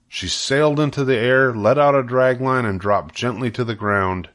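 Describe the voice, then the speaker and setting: An older man reading a children's book aloud with steady, clear storytelling. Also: mid-range voice, moderate pace, hardly any pauses.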